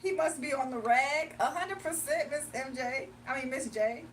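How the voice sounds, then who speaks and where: A woman's voice: high voice, normal speed, distant mic, slight background noise. A woman hosting a livestream in casual chat, mocking and blunt, laughing often. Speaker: livestream host.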